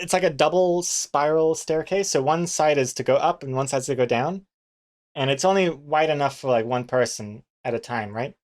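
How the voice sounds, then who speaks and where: A man, chatting casually on a live stream and telling rambling anecdotes with chuckles and fillers. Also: a little high. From New Zealand.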